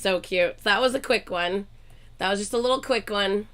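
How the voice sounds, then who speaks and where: A woman hosting her own channel, chatting casually to viewers in a gushing, excitable way and swearing often. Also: medium pitch, moderate pace, loud music behind the voice. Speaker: reaction channel host.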